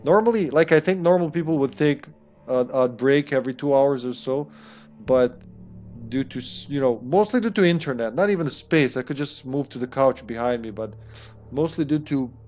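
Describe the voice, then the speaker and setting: A man's voice: medium pitch, normal speed, darkish tone, soft background music. A man hosting a live game stream from a room at home, greeting his chat by name in a casual, upbeat way with some swearing. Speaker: streamer and host.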